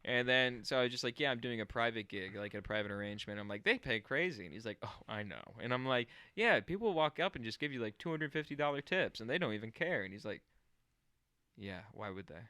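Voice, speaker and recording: Young male comic, podcast co-host; bright edge, mocking crude riffs. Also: medium pitch, expressive, fast talker, hardly any pauses, clean tone, dry recording. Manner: mocking, loud jokey riffs. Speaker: podcast co-host, stand-up comedian. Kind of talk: crude comedic banter.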